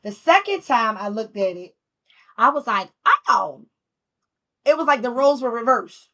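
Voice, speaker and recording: A woman talks through a tarot spread in a casual, rambling way. Her voice is bright and forward. She laughs often and swears freely. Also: on the high side, animated, moderate pace. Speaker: tarot reader.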